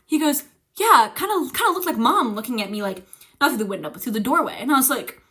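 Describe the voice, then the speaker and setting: A young woman streamer casually telling a ghost story, animated and swearing, acting out the quotes. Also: high-pitched, fairly quick.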